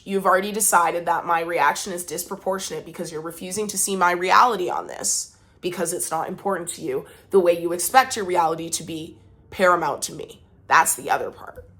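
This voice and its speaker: A woman's voice: on the low side, fairly bright tone. A woman vlogger talking casually to her viewers, emphatic and exasperated as she vents. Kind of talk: casual talk to camera.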